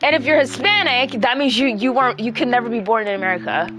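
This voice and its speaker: A woman's voice: a little high, lively intonation, a bit bright, soft background music. Profane, combative young woman ranting. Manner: profane, combative, rapid rants with breathing. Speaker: livestreamer answering chat. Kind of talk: ranting livestream talk. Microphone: close mic.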